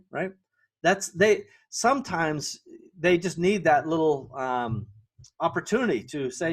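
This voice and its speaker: A man's voice: a little high, lively intonation, moderate pace. A middle-aged man hosting a podcast and giving a solo business lesson in a conversational way, often checking in with the listener. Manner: conversational, keeps asking "right?" to the listener; self-correcting, with fillers and restarts. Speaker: podcast host.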